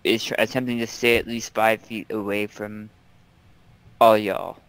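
A man's voice: on the low side, level tone, a little slow, a bit bright, smooth, no echo. A man narrating as game master of a tabletop game, chatty and laughing often, with frequent ums.

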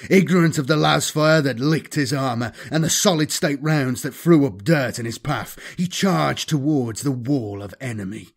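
A man reading a war story aloud as dramatic audiobook narration, dropping low and quiet on grim lines. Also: normal speed, few pauses. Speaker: audiobook reader.

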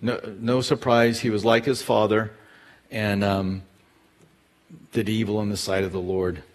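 A middle-aged man, a pastor teaching verse by verse through a Bible book in a relaxed storytelling way, with fillers and retold dialogue. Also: on the low side, measured pace.

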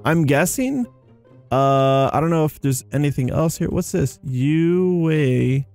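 A young man giving casual, rambling commentary on his game, excitable and tired, with faint music behind him. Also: a little high, normal speed. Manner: excitable, rambling, says "dude" and "you guys". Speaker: gaming YouTuber.

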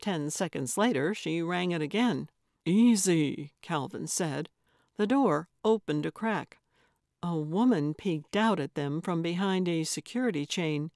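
Slow, measured woman narrator. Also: on the low side, expressive, darkish tone, no room sound, clean studio sound. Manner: measured, unhurried reading. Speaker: audiobook narrator. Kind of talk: scripted narration.

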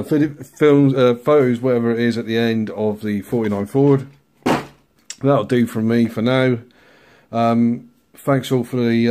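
A man hosting a casual model-building bench update, relaxed and rambling, chuckling at himself now and then. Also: medium pitch. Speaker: scale model builder, channel host.

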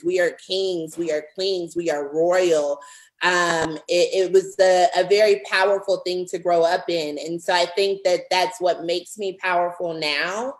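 On a rough-sounding recording, a pastor and author in her thirties with a lowish voice is interviewed on a podcast. She speaks sincerely, leaning on repetition and heartfelt stress as her points take shape.

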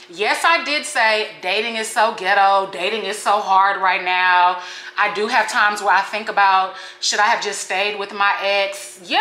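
Young woman, casual vlog rant, slangy and animated, echoey kitchen. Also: medium pitch. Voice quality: slangy, animated, talks straight to viewers. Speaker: vlogger. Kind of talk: casual ranting to camera. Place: home kitchen. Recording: echoey room.

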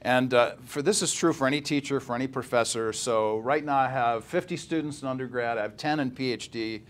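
A man's voice: mid-range voice, brisk. A middle-aged man, a professor, giving a conversational Bible lecture with many filler "uh"s between phrases.

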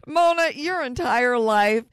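A woman's voice: on the high side, lively intonation, slow, smooth, dry recording. Emphatic older woman podcast co-host. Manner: emphatic, exclamatory reactions. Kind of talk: casual chat.

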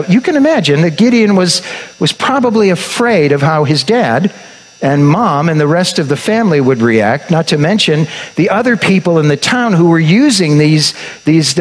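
A man's voice: a little high, low-quality recording. A man telling a sermon story. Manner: conversational retelling with frequent restarts. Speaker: preacher and storyteller.

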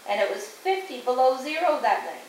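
Woman, higher voice, patient read-aloud storyteller; roomy echo, far from the mic, faint hiss. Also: very animated. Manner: slow, patient storytelling with sound effects. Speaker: parent reading to a small child. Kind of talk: reading a picture book aloud. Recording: echoey room, distant mic, faint hiss.

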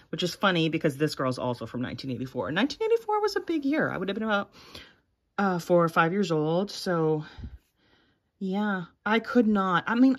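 Woman in her 40s showing off collectibles, low-ish voice that bounces all over, chatty and rambly. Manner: chatty and rambling, lots of fillers and little laughs. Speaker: vintage toy collector vlogger. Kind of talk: casual show-and-tell vlog.

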